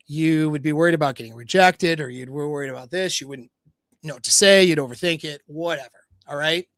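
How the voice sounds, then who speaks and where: A blunt dating coach talking straight to his viewers on a livestream, loose and casual, with some swearing. His voice sits a little high for a man. The sound is dry and close, with no room echo. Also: fairly bright tone. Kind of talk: livestream talk, telling a story.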